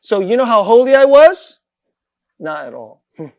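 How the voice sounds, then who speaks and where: A man's voice: extremely high pitch, sing-song, moderate pace, darkish tone. A middle-aged man, a pastor, preaching a sermon in a conversational, self-deprecating way, chuckling often.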